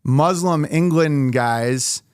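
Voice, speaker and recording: A man talks with a comic's animated energy, chatting loosely as a podcast guest and breaking into quick mocking impressions. His voice sits a bit high for a man, and the studio sound is close and dry. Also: smooth, no room sound. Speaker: comedian guest. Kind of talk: casual podcast chat.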